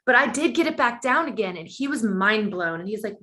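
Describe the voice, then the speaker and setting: A woman guest on a podcast, telling a personal story in conversation and acting out the quoted dialogue with big jumps in pitch. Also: lively intonation, a little fast, bright, forceful tone.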